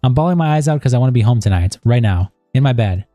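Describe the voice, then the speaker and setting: A man's voice: medium pitch, animated, quick pace, dark tone, no room sound, clean studio sound, faint music behind. A man on a stream, reading a chat log aloud and breaking in with asides of disbelief.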